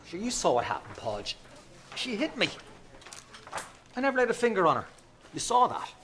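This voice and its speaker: Man playing a taunting Irish policeman, lowish voice, defensive, background noise. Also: animated, fairly quick, lightly acted. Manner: mocking, then defensive and insistent. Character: sly, taunting male police officer. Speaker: police officer. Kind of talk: TV crime drama acting.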